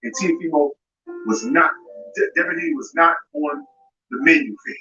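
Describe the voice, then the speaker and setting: A man's voice: a little high, big pitch swings, normal speed, pushed and bright. A man hosting a live boxing show, ranting in a confrontational way and speaking straight at a fighter. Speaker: boxing commentary host. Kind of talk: live commentary rant. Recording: roomy, distant, dull sound with music behind.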